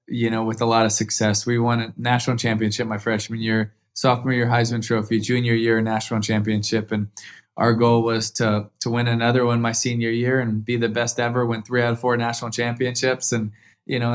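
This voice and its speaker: A man in his thirties, the guest on an interview podcast, telling a story earnestly with many restarts and rising excitement. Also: medium pitch.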